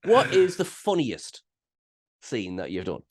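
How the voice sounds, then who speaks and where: A man's voice: medium pitch, huge pitch swings, unhurried. A man interviewing in a playful, joking way on a casual podcast. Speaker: guest interviewer.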